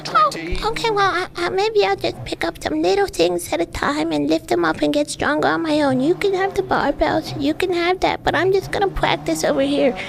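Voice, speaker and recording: A man's voice: very high-pitched, fairly quick, creaky, hardly any pauses, noisy background, voice pushed up. A man doing a meek scrawny inner weakling. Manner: hesitant, pleading, stammering. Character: scrawny timid male inner self, meek and hopeful. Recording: music playing behind.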